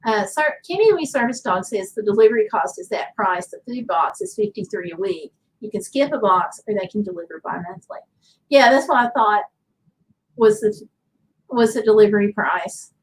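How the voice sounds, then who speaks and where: A woman with a Southern accent hosts a casual livestream, chatting and rambling loosely while reading viewers' comments aloud. Her voice is medium-pitched and expressive at a moderate pace, though the audio quality is poor.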